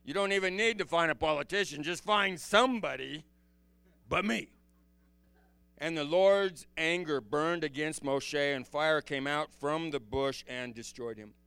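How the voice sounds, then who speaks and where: A man teaching as a pastor in an animated sermon, swinging from loud exclamations to hushed low tones and asking his listeners rhetorical questions. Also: measured pace, clean tone, no room sound, faint music behind. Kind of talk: expository sermon.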